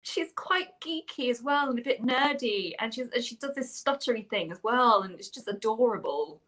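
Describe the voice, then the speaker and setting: Chatty actress on a video call. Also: female voice, a little high, animated, moderate pace, fairly bright tone. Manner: enthusiastic, chatty, rambling. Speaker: actress, panel guest. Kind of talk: casual interview over video call.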